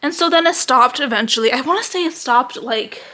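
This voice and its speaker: High, bright-voiced woman ranting casually. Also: fairly quick. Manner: animated, heavy use of "like", swearing. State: out of breath. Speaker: vlogger.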